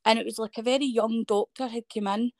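A woman in her thirties from Scotland talks at a quick pace in a voice on the high side. As a guest, she animatedly tells a personal story in conversation, acting out what people said to her, captured in clean studio sound with no echo.

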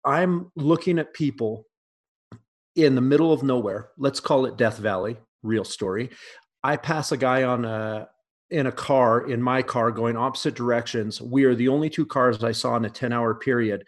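Man, middle-aged, podcast chat, blunt, profane, restarts often, mid pitch. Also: normal speed. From United States. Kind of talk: casual podcast conversation.

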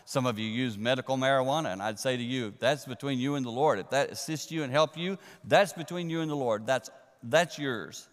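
A man preaching a sermon to a congregation, animated and swinging from loud to a near hush for emphasis. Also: mid-range voice, brisk. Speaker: pastor. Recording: long reverb of a large hall.

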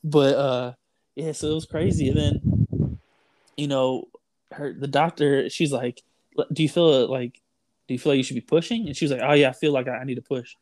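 A man's voice: medium pitch, steady tone, moderate pace, darkish tone, no echo. A young man telling a story in casual chat, rambling with lots of "like", "dude" and "bro". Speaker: storyteller guest.

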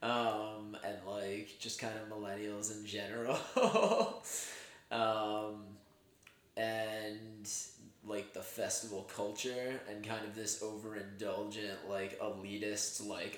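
A young adult co-hosting a podcast, talking loosely about films with many pauses and fillers. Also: low-pitched, fairly even intonation, roomy sound. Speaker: podcast co-host. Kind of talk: casual chat about films.

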